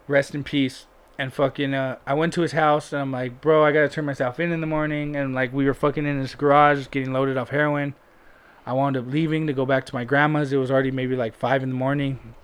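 A man's voice: mid-range voice, level tone, brisk, clean tone. A man casually telling a personal story as a guest, blunt and full of swearing and "like" fillers. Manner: candid, heavy swearing, frequent "like" fillers.

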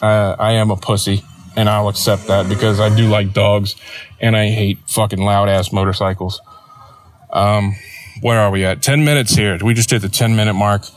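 A man's voice: lowish voice, fairly even intonation, moderate pace. A man hosting a solo podcast, telling a story in a rambling, profane, self-mocking way, tired after an early start. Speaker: podcast host. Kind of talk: casual solo podcast monologue.

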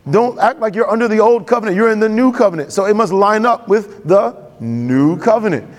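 A pastor delivers a sermon in a reverberant hall, preaching conversationally and acting out quoted voices. His voice is high, animated and fairly quick.

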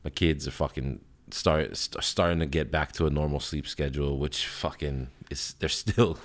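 This thirties-aged podcast host has a rumbling, extremely deep voice and fairly even intonation as he chats loosely on his own. Relaxed and rambling, he curses freely and plugs pauses with "um" and short bursts of laughter.

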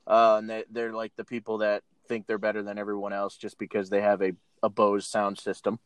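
A man's voice: fairly low pitch, monotone, a little fast, clean tone, no echo. A man hosting a casual podcast chat, retelling a film's scenes with frequent laughter. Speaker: podcast host. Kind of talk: casual chat, recapping a film.

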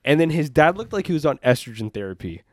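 Dude on a podcast, rants crude stuff, really lively swoopy voice, dry close mic. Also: male voice, on the high side, quick pace, dry recording. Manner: crude ranting with mocking impressions. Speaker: podcast co-host. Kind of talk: casual chat.

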